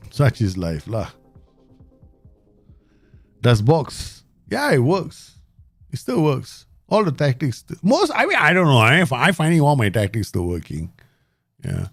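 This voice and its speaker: A man hosting his gaming channel, giving live commentary and talking to himself and the viewers in an excitable way. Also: mid-range voice, unhurried, pauses often, no echo, soft background music. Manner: excitable, talks to himself and the viewers, frequent laughs.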